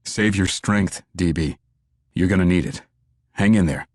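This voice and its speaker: A man voicing a gentle, steady male survivor who speaks low and calmly in an audiobook. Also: a little slow, no room sound. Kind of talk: audiobook character voice.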